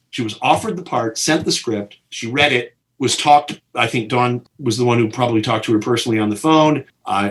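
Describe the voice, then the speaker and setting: Middle-aged guy telling film set stories, animated, jumps into big voices for quotes. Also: mid-range voice. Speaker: film director. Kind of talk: storytelling in an interview.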